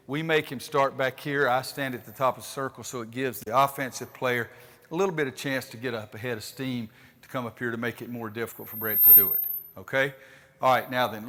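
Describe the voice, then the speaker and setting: A man's voice: mid-range voice, fairly bright tone, long reverb tail. An older man, a basketball coach, running a clinic demonstration with a folksy manner and calling out instructions to players. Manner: folksy, directs players on court with calls. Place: gym court.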